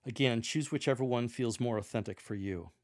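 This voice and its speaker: A man giving measured, earnest instruction on how to read scripture aloud to a congregation. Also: medium pitch, darkish tone. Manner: measured, earnest, with demonstrated readings. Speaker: lector coach.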